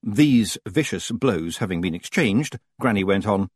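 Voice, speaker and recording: A man narrating a storybook aloud in an expressive storytelling manner. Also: lowish voice, unhurried, husky. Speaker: audiobook narrator. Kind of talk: scripted narration.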